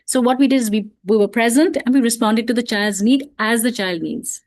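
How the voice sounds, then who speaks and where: A woman explaining in a gentle, reflective way, often saying "you know" and restarting her sentences, in an online talk for parents. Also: on the high side, a little fast. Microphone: video call.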